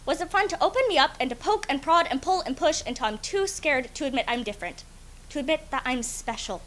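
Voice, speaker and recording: Impassioned high-voiced woman slam poet. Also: expressive, quick pace, slight background noise. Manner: impassioned, dramatic swings between loud and hushed. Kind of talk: spoken word poetry performance. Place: school event stage.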